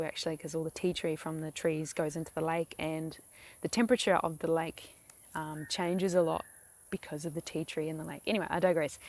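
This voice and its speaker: A young woman with a New Zealand accent talks through a casual how-to vlog, rambling and full of fillers. Her voice sits fairly low and has a gravelly edge. She is recorded outdoors beside a lake. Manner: rambling, chatty, many fillers. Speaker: craft vlogger.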